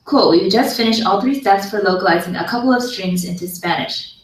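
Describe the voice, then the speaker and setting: A woman narrating a scripted programming tutorial in a calm, explanatory way, played as a video in a classroom. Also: medium pitch, fairly quick, roomy sound. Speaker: online course instructor. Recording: video played into a room, heard from far.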